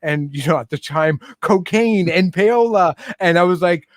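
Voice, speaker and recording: A man's voice: high-pitched, expressive, no echo, studio quality. Wry Toronto man, light voice. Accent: Canadian, Toronto. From Canada. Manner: quick self-deprecating humor. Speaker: guest, music publicist. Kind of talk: casual interview chat.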